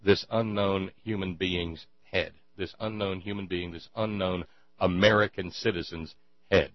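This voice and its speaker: A man giving an indignant, sarcastic monologue, halting often with fillers as he builds his points. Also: deep voice, steady tone, dry recording. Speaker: commentator. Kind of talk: ranting monologue. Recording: dry, dull lo-fi with mains hum.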